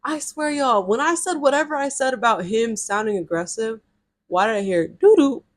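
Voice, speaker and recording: A young woman in her twenties telling a personal story in casual storytime chat, animated and full of "like". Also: on the high side, moderate pace. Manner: animated, chatty, lots of filler "like". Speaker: vlogger.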